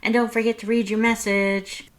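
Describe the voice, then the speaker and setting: Man doing a rabbit vendor, high sing-song voice, sweet and cheerful, lilting, storybook reading. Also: level tone, normal speed, natural voice. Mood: cheery.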